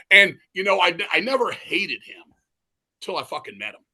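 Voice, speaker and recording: A middle-aged man telling animated, profanity-heavy stories in a casual interview. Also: on the high side, normal speed. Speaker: guest musician.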